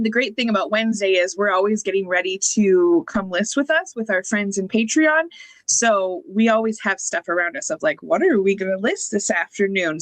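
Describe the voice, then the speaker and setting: A woman co-hosting a podcast, relaxed and casually explaining listing tips. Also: medium pitch, dry recording, low-quality recording. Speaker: podcast co-host. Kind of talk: casual chat.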